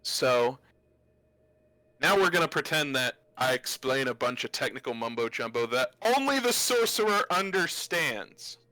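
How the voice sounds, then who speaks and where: A man's voice: medium pitch, very animated, measured pace, pushed and bright, dry recording, poor audio. A man running a tabletop game as game master who narrates and explains the rules loosely and laughs often.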